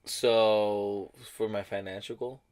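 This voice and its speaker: A man's voice: on the low side, flat delivery, slow, a little mellow. A young man co-hosting a casual podcast, talking bluntly and with plenty of swearing. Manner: blunt, profane banter. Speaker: podcast co-host. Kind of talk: casual chat.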